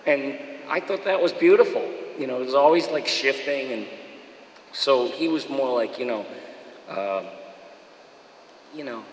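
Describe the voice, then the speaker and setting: A man, a voice actor, telling stories in an animated way and slipping into impressions. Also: medium pitch, normal speed, reverberant, in a large hall, slight background noise, rough recording. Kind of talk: storytelling interview.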